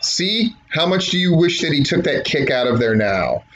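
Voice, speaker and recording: A man's voice: fairly high pitch, big pitch swings, normal speed, very noisy. A man reviewing a wrestling match, blunt, profane and opinionated, mocking others in impressions. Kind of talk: profane rant-style review commentary.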